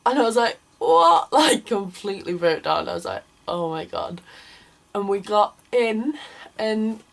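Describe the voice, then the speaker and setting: A woman's voice: medium pitch, low-quality recording. A young woman telling a story to camera in a chatty vlog, filling her talk with "like" and acting out what others said. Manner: chatty, lots of "like", acts out quoted people. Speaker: vlogger.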